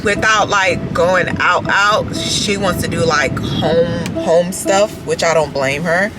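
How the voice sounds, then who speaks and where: A woman's voice: lowish voice, slow pace, loud music behind the voice. A woman chatting casually to her vlog camera from her car. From Florida. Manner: chatty, animated storytelling, calls people baby. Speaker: vlogger. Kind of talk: casual chat to camera while driving. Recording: road noise from the car.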